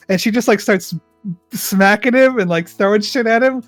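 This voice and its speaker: High-voiced man telling a wild story. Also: fairly quick, no echo, faint music behind. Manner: animated storyteller, acts out quotes, swears freely. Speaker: podcast co-host. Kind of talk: casual storytelling chat.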